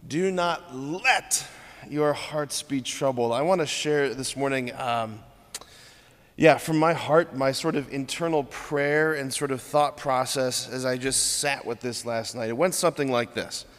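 A man's voice: medium pitch, steady tone, unhurried. A man, a priest, giving an informal, earnest homily full of "like". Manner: earnest, informal, heavy use of "like". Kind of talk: conversational homily. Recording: long church reverb.

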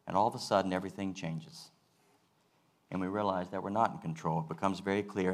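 A male pastor giving a sermon, earnest and measured, repeating key phrases for weight. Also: deep voice, steady tone.

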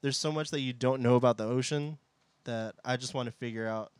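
A man's voice: mid-range voice, fairly even intonation, brisk, smooth, no echo. A man chatting casually who hesitates and fills his thoughts with "like" and "um". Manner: hesitant, many fillers, musing. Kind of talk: casual podcast chat.

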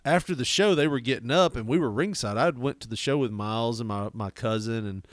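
A man's voice: mid-range voice, fairly quick, no room sound, studio quality. A man co-hosting a casual podcast chat. He tells rambling stories that drift off on tangents, laughs often and swears freely. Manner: rambling, tangent-prone storytelling with frequent laughter. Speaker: podcast co-host.

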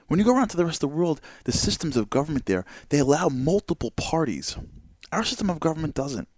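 A man hosting a talk show, giving an animated monologue full of rhetorical questions and repeated words. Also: on the high side, no echo, clean studio sound. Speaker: host.

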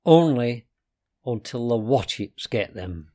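A man's voice: medium pitch, lively intonation, slow pace, mellow. A man voicing a boastful, secretive male time mouse in a storybook reading, puffed up with self-importance. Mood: dramatic.

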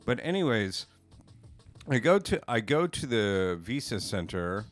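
Man, lowish voice, rambling storyteller, lots of fillers, faint music underneath. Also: sing-song, a little slow. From United States. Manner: rambling, filler-heavy, swears casually. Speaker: podcast co-host. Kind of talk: casual storytelling chat.

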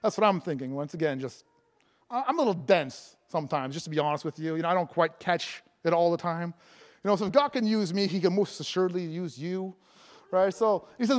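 A man evangelist preaching a sermon, joking and laughing between lines and breaking into loud proclamations of scripture. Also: high voice, expressive, fast. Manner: jokey, laughing often, bursts of loud proclaiming.

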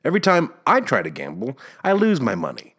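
A man's voice: mid-range voice, fairly quick, husky. A young man hosting a casual solo podcast, rambling and ranting with frequent chuckles. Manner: animated, ranting, chuckles often. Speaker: podcast host. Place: outdoors or near a window, planes heard passing.

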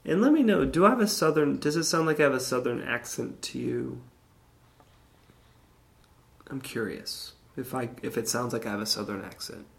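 A man's voice: mid-range voice, normal speed, gravelly, pauses often. A man hosting his own show, talking in a casual, rambling monologue full of crude jokes and asides to his listeners. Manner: rambling, jokey, crude humor, chats to listeners. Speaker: podcast host.

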